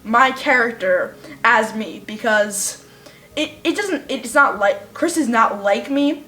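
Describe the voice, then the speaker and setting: A woman's voice: fairly high pitch, takes it slowly, bright, forceful tone. A woman writer reflects thoughtfully on her character in a behind-the-scenes interview. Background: faint music.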